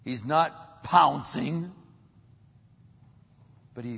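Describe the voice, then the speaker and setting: Husky man preaching in an echoing hall. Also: a little high, lively intonation, takes it slowly, long pauses, fairly bright tone. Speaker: pastor. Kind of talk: sermon. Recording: dull, long-reverb hall sound.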